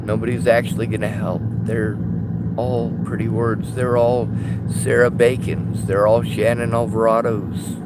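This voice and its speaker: A man's voice: medium pitch, little pitch movement, a little slow, very noisy. A man ranting bitterly to camera from inside a parked car, swearing often and complaining that nobody helps him. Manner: bitter, profane, shouting in bursts. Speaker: vlogger. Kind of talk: angry personal rant.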